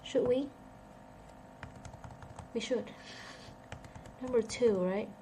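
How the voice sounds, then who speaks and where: A woman whose first language is Vietnamese teaches an online English lesson in a slightly high voice. She is chatty and thinks aloud as she checks answers. She jokes about herself as she goes, and faint noise sits under the recording. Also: extremely slow, mellow.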